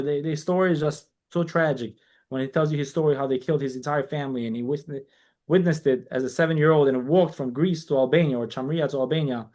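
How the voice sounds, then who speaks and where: Quick-paced and on the high side, a man who grew up in New York chats as a guest on a casual podcast. The community organization founder tells long stories with animation, voicing what people said in dialogue and restarting frequently.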